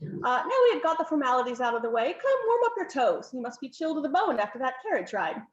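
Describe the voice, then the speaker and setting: A woman's voice: high voice, very animated, fast, echoey room, muffled recording. A woman voicing an imperious older aristocratic countess who fusses and gives orders. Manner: bossy, fussy, commanding.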